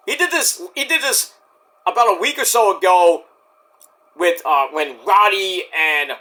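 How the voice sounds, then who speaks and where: A man's voice: a little high, bright, forceful tone. A man reviewing a wrestling show in casual chat, rambling, sarcastic and profane.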